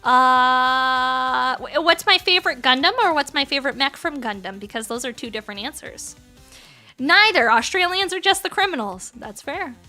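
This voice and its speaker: A woman's voice: sits high, expressive, moderate pace, bright, forceful tone, faint music behind. A woman in her thirties chatting casually on a livestream, playful, laughing often and swearing freely. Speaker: streamer.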